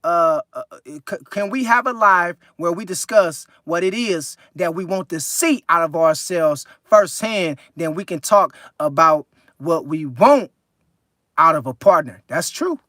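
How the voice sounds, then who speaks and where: Male live-stream host, California accent, bright edgy tone, dry close sound, casual and profane. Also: fairly high pitch, measured pace, dry recording. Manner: loose, profane, animated storytelling with laughs. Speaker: livestream host reading chat.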